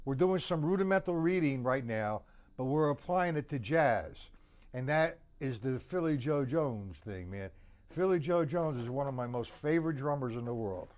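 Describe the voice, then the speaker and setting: A man's voice: medium pitch, expressive, normal speed, darkish tone. A man teaching a casual drum lesson, chatting with viewers and counting beats aloud. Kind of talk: live-streamed drum lesson.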